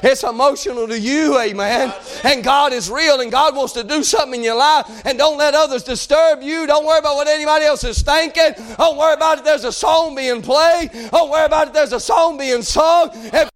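A male preacher delivering a fervent sermon, swinging from shouted pleas to low, quiet passages, in folksy, informal phrasing. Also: a little fast, few pauses.

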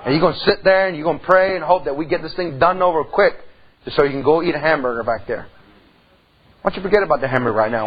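A middle-aged man preaching a sermon in church, telling a folksy story and swinging from soft to loud. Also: a little high, lo-fi sound. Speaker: pastor.

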